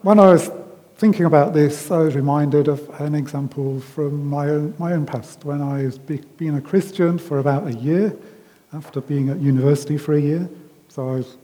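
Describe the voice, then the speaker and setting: A man giving a conversational sermon as a preacher, unhurried, with frequent ums and restarts, recorded in a large hall. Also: on the high side, warm tone. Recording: long reverb of a hall.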